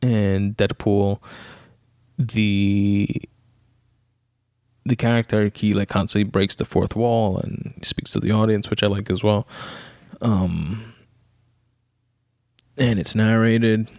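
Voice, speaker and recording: A man's voice: on the low side, flat delivery, takes it slowly, long pauses, a little mellow, dry recording. A young man talking casually about a film he saw, dry and sarcastic, full of fillers and swearing. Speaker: vlogger. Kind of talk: casual movie review chat.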